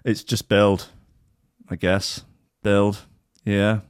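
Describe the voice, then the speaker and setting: A man's voice: lowish voice, level tone, extremely slow, clean tone, no room sound, clean studio sound. A man hosting a casual streamed podcast, rambling and sweary, with a mocking manner. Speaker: podcast host. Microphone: headphones and desk mic.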